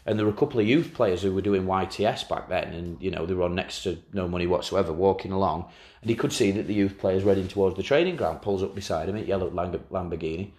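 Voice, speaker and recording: A man co-hosting a casual football podcast, telling stories with a lively delivery and slipping into impressions. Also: deep voice, fast, echoey room. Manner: lively storyteller, slips into impressions of people. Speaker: podcast co-host.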